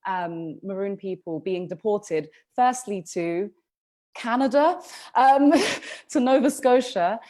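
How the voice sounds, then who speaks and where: A woman's voice: mid-range voice, lively intonation, slow, mellow. Chatty woman podcast co-host. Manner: chatty, lots of ums and restarts. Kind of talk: casual history podcast storytelling.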